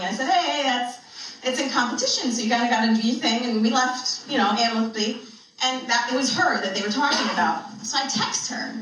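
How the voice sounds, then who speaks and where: A woman's voice: a little high, a bit bright, slight background noise. A woman telling a funny spiritual story in a chatty style, laughing often between lines. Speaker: spiritual speaker. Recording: very echoey room, distant mic.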